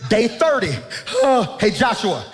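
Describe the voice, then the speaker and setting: A high-pitched man preaches to a big church crowd, his voice climbing into shouts. His words ring out through a hall with a long reverb while faint music plays underneath. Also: very animated, takes it slowly. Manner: shouting, preaching with a sing-song cadence. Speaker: pastor. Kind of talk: sermon. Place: large church before a congregation.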